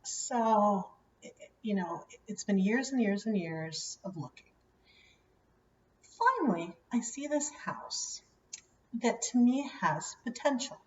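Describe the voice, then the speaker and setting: A woman telling a personal story in a casual vlog, chatty with many fillers and lively quoted voices. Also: mid-range voice, slow pace, echoey room, far from the mic, highs cut off, slight background noise. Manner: chatty, many "you know" fillers, animated quoting. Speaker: vlogger.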